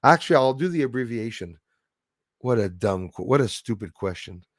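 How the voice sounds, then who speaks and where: A man's voice: medium pitch, animated, normal speed, no room sound, clean studio sound. A man hosting a casual livestream chat, reading viewer comments aloud and rambling indignantly. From Canada.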